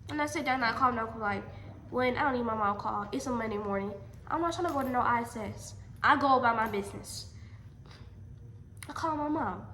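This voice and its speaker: A young adult woman telling a personal story in a storytime vlog, animated and emphatic, often repeating her lines. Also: on the high side, brisk, slight background noise. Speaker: vlogger. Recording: echoey room.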